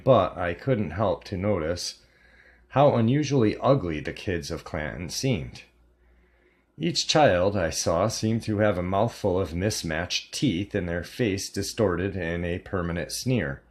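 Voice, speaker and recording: Slow, deep-voiced male horror narrator. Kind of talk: scripted horror story narration.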